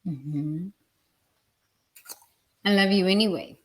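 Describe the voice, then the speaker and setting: A woman's voice: on the low side, normal speed, fairly bright tone. A woman giving a blunt, preachy motivational talk about work and responsibility, swearing freely. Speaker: leadership speaker.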